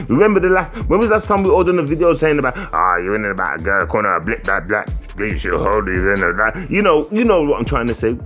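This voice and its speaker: A British man giving a profane, repetitive, confrontational rant for a video commentary. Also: on the high side. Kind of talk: ranting vlog commentary.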